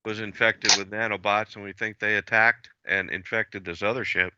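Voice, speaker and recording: A man's voice: on the low side, fairly even intonation, moderate pace, highs cut off, heavy background noise. A man playing a tabletop game, stammering and hesitant as he speaks. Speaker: player. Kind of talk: casual chat.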